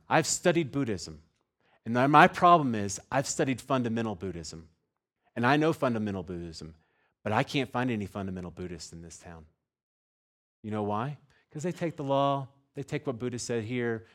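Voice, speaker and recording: Conversational man preaching, low voice. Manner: conversational preaching, many asides and "right?" tags; drops to a soft low voice for tender points. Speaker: pastor. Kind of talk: sermon.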